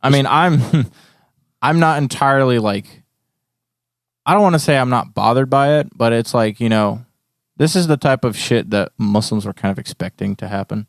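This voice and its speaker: A man's voice: mid-range voice, normal speed, no room sound, studio quality. A young man co-hosting a podcast, laid-back and joking, often laughing. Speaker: podcast co-host. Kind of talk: casual podcast banter.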